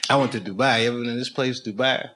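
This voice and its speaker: A man's voice: mid-range voice, fairly even intonation, racing, pushed and bright. A man doing stand-up crowd work on a comedy club stage, telling loose stories with lots of laughter and swearing. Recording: live club recording with crowd noise.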